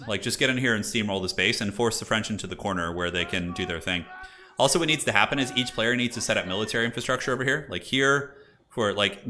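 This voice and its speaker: On his live stream, a man with a mid-range voice chats casually about a strategy game he's playing. He's animated and rambling, dropping "like" constantly.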